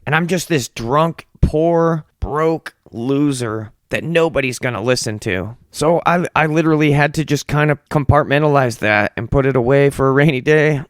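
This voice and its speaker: A young male podcast host with a medium-pitched, clean voice tells stories in a loose, profane monologue, acting out the voices of the people involved. The recording is dry and studio quality.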